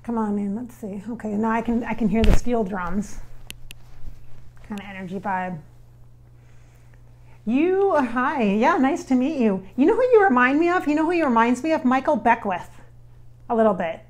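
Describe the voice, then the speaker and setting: Woman host, psychic medium, casual, rambling and self-mocking, voice a touch high. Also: lively intonation, moderate pace, pauses often. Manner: chatty, rambling, self-deprecating. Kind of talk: casual chat.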